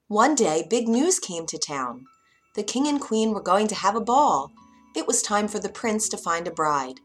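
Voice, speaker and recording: A woman narrating a children's fairy tale in an expressive storytelling voice. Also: fairly low pitch. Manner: expressive, does character voices. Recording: faint music behind.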